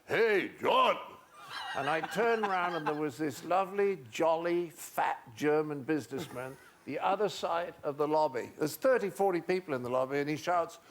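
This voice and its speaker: Older male guest, slightly high voice, animated anecdotes with chuckles, talk show studio. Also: moderate pace, few pauses, slight background noise. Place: TV studio with audience.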